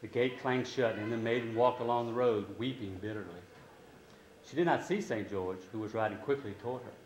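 A man reading a storybook aloud to a class, steady and expressive, lifting his voice for quoted lines. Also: mid-range voice, brisk, reverberant, slight background noise, poor audio.

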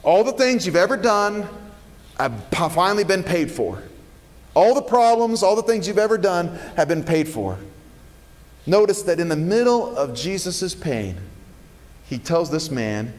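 A pastor preaching a sermon in a church, earnest and emphatic with dramatic pauses. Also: male voice, sits high, big pitch swings, in a large hall. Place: church sanctuary.

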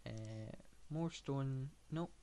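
A man's voice: mid-range voice, very slow, dark tone, slight background noise. A man giving casual gameplay commentary, thinking aloud with lots of fillers and dry, sarcastic asides. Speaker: gamer.

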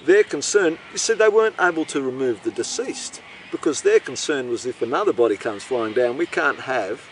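A man's voice: medium pitch, animated, normal speed, recorded from a distance, slight background noise, rough recording. A man with an Australian accent telling a meandering, profane, incredulous comic story. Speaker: host. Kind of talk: rambling comic monologue.

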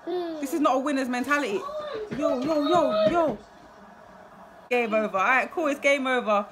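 A woman's voice: sits high, brisk, heavy background noise. A young woman, a football fan giving a live, emotional match reaction full of exclamations and repeated phrases.

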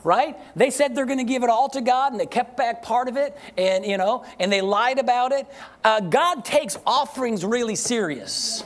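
A man pastor preaching a sermon to a congregation, asking rhetorical questions, leading call-and-response, and slowing down to read scripture with emphasis. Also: very high-pitched, animated, a bit bright. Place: church service with congregation.

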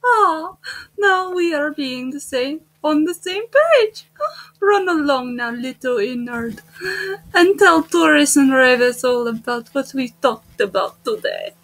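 A woman's voice: high voice, lively intonation, slow, fairly bright tone, exaggerated voice. A woman voicing a sly, menacing young Russian man in a put-on Russian accent. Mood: sly menace. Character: playful male Russian schoolboy with menace.

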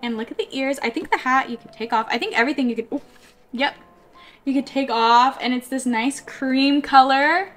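A woman vlogger chatting excitedly to her viewers as she unboxes collectible toys, gushing and struggling with the packaging. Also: high-pitched, moderate pace. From California, USA. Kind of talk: casual unboxing vlog.

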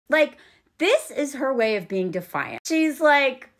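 A woman giving casual, sarcastic commentary on a movie scene, animated and quick to laugh. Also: sits high.

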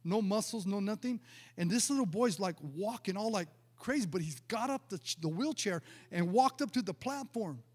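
A man's voice: sits high, expressive, normal speed, husky, big-room sound. A male pastor preaching a sermon, telling a personal testimony in a storytelling way, often stumbling and repeating words. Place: church sanctuary.

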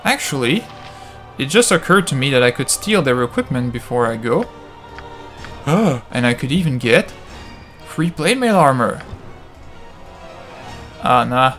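A man's voice: mid-range voice, very animated, unhurried, pauses often, fairly bright tone. A man hosting a video game playthrough, talking casually and joking as he plays. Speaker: let's play host. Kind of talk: gaming commentary. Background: game music.

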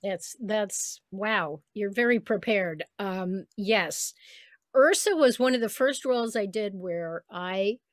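A woman's voice: mid-range voice, expressive, slow pace, no echo, clean studio sound. An older woman, a voice actress as interview guest, telling stories in a reflective, chatty way with small laughs. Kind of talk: casual interview chat.

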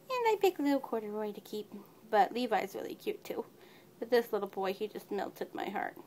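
A woman's voice: mid-range voice, darkish tone, a little hiss or hum. A woman who breeds cats, chatting casually in a home video and slipping into baby talk with her kitten. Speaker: cat breeder. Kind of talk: casual pet video chat.

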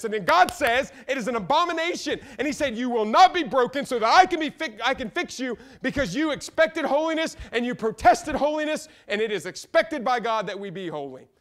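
A man with a Midwestern American accent preaches in a church sanctuary, his voice sitting high for a man. He is fervent and swings from loud outbursts down to quiet, low asides. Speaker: pastor. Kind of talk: sermon.

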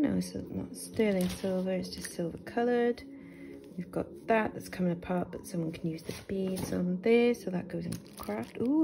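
A woman's voice: medium pitch, creaky. A British woman chatting to her viewers as she unboxes things, exclaiming over each find. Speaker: vlogger. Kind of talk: casual unboxing chat. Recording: rustling packaging noise.

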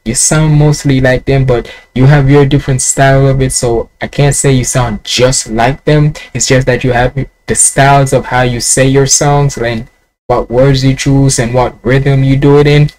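A man's voice: medium pitch, steady tone, normal speed, a little mellow, rough recording. Jamaican male reaction host, casual and rambling, mid-range voice. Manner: chatty, rambling, musing aloud.

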